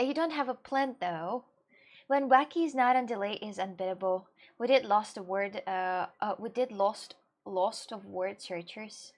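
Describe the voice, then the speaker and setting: A young woman, a native Russian speaker, chats casually with her viewers on a livestream. She's scattered and giggly, frequently laughing and starting her sentences over, and her pitch is fairly high.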